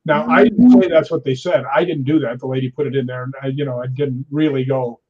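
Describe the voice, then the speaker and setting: Speaking fast in a husky, medium-pitched voice, a man in his sixties tells animated stories as an interview guest. He mimics the people he quotes, and the lo-fi audio is dull.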